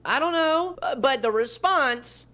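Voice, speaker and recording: A woman's voice: sits high, lively intonation, a little slow, fairly bright tone. A woman in a commentary video, reading messages aloud sarcastically.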